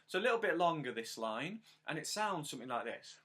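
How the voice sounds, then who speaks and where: A man's voice: on the high side, lively intonation, a bit bright. A man teaching a harmonica lesson step by step, patiently counting in and praising the learner. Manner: counts in and sings lines slowly; encouraging, patient.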